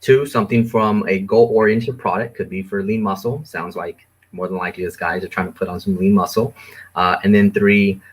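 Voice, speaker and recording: A man's voice: fairly low pitch, a little fast, breathy edge. A man appearing as a guest specialist, giving casual coaching-style advice with lots of ums and restarts. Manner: relaxed, filler-heavy, coaching. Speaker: supplement store specialist guest.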